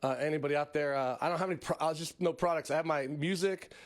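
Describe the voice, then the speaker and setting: A man's voice: on the high side, quick pace. A man hosting a comedy podcast, rambling through a casual monologue with frequent laughs and mocking asides. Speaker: podcast host.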